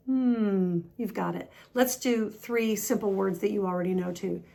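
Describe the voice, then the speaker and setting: A woman with an American accent teaching an online English pronunciation lesson, patient and upbeat, demonstrating sounds slowly and repeating them. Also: medium pitch, gravelly, dark tone. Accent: General American.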